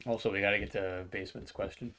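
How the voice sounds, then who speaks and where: A man's voice: lowish voice, fast. New guy on a podcast telling a wild subway story, laughing a lot, doing little voices for people. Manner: animated storyteller, acts out quotes, laughs often. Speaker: podcast co-host. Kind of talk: casual chat, storytelling.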